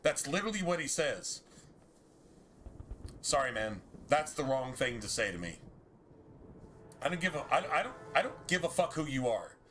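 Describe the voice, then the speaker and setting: A man's voice: mid-range voice, sing-song, moderate pace, long pauses, fairly bright tone, slight background noise. A man, telling a story casually on a game stream and ranting in a heated, profane way with many restarts.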